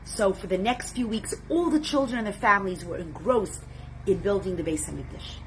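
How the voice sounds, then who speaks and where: A woman's voice: medium pitch, a little fast, a little hiss or hum. A woman teaching a Torah class, telling a story dramatically and expressively. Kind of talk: storytelling lesson.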